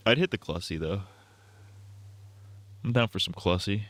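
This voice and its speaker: A man's voice: low-pitched, lively intonation, moderate pace, pauses often, pushed and bright, no room sound. A man casually commenting on a story game during a live stream, crude and joking, laughing often.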